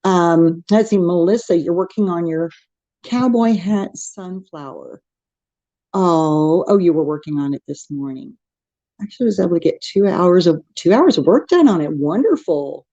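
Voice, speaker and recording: A woman's voice: lowish voice, animated, moderate pace, warm tone, no echo, muffled recording. A middle-aged woman with a Texan accent, hosting a casual craft livestream, chatting and reading the chat aloud with frequent laughs. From Texas. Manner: chatty, laughs often, rambling restarts.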